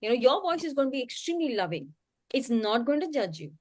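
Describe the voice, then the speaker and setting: A woman speaking earnestly in a panel discussion, animated and often saying "you know.". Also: high voice, fast talker, no room sound, studio quality.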